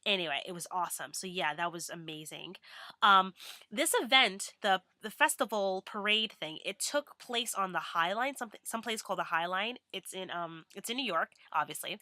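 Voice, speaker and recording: A woman's voice: medium pitch, normal speed, pushed and bright, no room sound, clean studio sound. A young woman vlogging in a bubbly, rambling way with many fillers. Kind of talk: casual chatty vlog.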